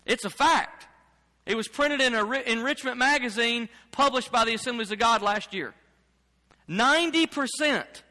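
A man's voice: very high voice, normal speed, sharp tone, in a large hall. A man preaching a sermon as pastor, speaking emphatically and repeating phrases as he builds his points.

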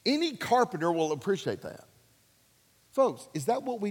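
A man preaching a sermon, emphatic and animated, swinging between loud and soft. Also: high-pitched, normal speed, husky, big-room sound. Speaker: pastor.

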